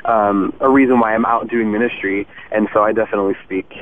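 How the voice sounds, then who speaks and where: A man's voice: on the low side, steady tone, quick pace. A young man speaking earnestly as a guest musician in a casual interview, with frequent "um" fillers. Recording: tinny phone line, faint hiss.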